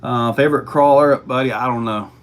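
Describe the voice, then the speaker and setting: A man's voice: medium pitch, fairly even intonation, a little fast. A man hosting a casual livestream, reading chat questions aloud and answering in a laid-back way.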